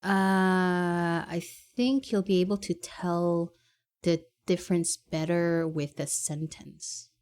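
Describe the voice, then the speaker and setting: A woman's voice: on the low side, fairly even intonation, slow, a little mellow. A woman from Quebec, co-hosting a casual podcast and talking hesitantly with many fillers and restarts. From Quebec, Canada. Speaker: podcast co-host. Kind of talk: casual chat.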